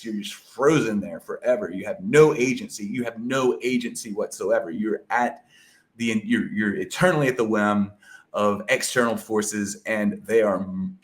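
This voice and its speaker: A man with a fairly low voice talks in a loose, casual podcast chat. He rambles and restarts, leaning on fillers, and drops the odd curse word. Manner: rambling, filler-heavy, lots of "like" and "you know"; casual and profane. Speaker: podcast guest discussing an epic poem.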